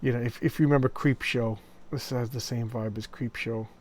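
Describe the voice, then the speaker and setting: Man, mid pitch, chatty comic review, enthusiastic, rambling. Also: steady tone, brisk, darkish tone. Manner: enthusiastic, rambling, acts out quoted lines in passing. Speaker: comic book video host. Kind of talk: casual comic book review, retelling stories.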